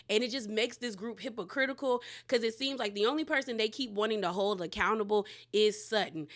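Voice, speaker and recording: In a medium-pitched, fairly bright voice, a woman runs a laid-back recap of a reality show episode. She's blunt and full of slang, voicing the cast members' lines as she retells what happened.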